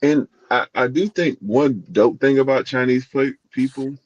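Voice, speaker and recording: A man's voice: medium pitch, normal speed, no room sound, lo-fi sound. A man co-hosting a podcast in casual chat, rambling and restarting as he searches for words. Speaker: podcast co-host.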